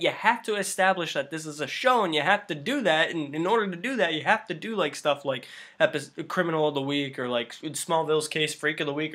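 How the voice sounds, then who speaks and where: High-voiced man rambling through a review. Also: a bit bright. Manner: rambling, filler-heavy, lots of "like". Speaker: show reviewer. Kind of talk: casual review monologue.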